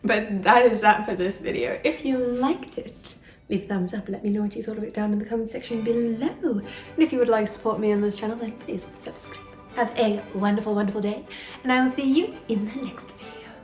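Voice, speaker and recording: In an echoey home kitchen with faint music, a cooking vlogger bakes bread and chats to it lovingly. She's bubbly and gushing in this casual vlog, speaking fairly quickly in a mid-range voice.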